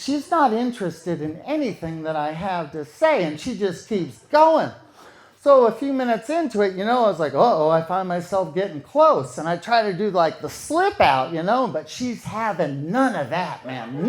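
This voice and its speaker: A man telling a true story in a casual, conversational way, repeating phrases for effect. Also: high voice.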